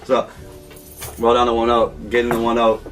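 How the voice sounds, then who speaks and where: A man's voice: mid-range voice, normal speed, distant mic, faint music behind. A man telling a story as an interview guest, casual and slangy, acting out what people said. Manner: animated, acts out quotes, slangy.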